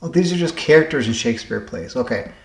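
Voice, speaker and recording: A man thinking aloud as he solves word puzzles, halting and correcting himself as he goes. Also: medium pitch, expressive, roomy sound. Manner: muttering, halting, self-correcting. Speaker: puzzle game vlogger.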